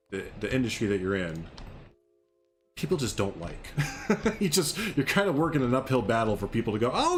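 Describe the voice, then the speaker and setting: Chatty joking man on a game stream. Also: medium pitch. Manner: joking, rambling, sarcastic. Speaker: livestream host. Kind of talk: casual gaming livestream chat.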